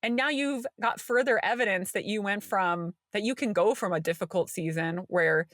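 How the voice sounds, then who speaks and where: A woman's voice: mid-range voice, normal speed, dry recording, studio quality. A woman co-hosting a podcast, telling a story in casual chat and acting out what people said. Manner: animated storytelling, acting out quoted voices. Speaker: podcast co-host.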